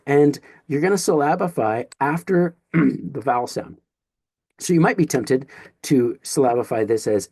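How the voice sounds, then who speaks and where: A man's voice: medium pitch, expressive, normal speed, a little mellow, breathy edge, no room sound. A man teaching a recorded Greek lesson, explaining in a playful, jokey way and sounding out syllables as he goes.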